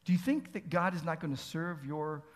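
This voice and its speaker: A man's voice: a little high, normal speed. A man preaching a sermon as pastor, earnest, asking pleading rhetorical questions and building to emphatic peaks.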